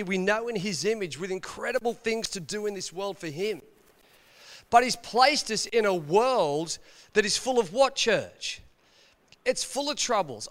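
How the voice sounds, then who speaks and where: A man's voice: high-pitched, fairly bright tone. An Australian man, a pastor, preaching a conversational sermon in church, telling stories and asking the congregation rhetorical questions. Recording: long reverb of a church hall.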